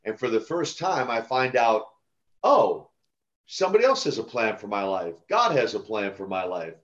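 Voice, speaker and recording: A man's voice: on the low side, brisk. Older man telling stories, slightly muffled. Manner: animated, chuckling, with restarts and repeated words. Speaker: guest, retired pro wrestler and minister. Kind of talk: casual storytelling in a podcast interview.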